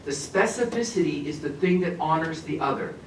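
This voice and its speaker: A man with a somewhat high voice presents a teacher workshop with lively humor, speaking to a room full of people. He sounds a bit far from the mic, and the room gives his words a strong echo. A faint hiss sits underneath. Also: brisk. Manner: animated, humorous, addresses the audience. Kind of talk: professional development workshop talk. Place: conference room with an audience.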